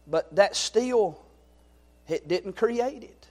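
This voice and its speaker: A middle-aged man preaching a sermon, swinging from loud exhortation to quiet storytelling. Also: sits high, expressive, moderate pace.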